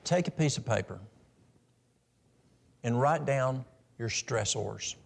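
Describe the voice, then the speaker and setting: A man's voice: mid-range voice, animated, slow, creaky. A middle-aged man giving a practical, story-filled health talk at a church in a folksy manner. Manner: folksy, practical, tells stories.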